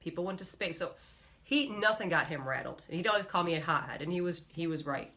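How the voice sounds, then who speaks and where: A woman's voice: fairly low pitch, lively intonation, brisk, bright, forceful tone. A woman hosting a motivational video blog, speaking straight to camera in an upbeat, earnest way and coaching her viewers. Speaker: motivational speaker and vlog host. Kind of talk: direct-to-camera motivational vlog.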